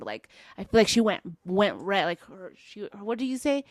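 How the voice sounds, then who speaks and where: A woman's voice: medium pitch, a little slow, hardly any pauses, no room sound. Woman, podcast co-host, casual storytelling, blunt and profane, dry close sound. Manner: frank and profane, with many fillers.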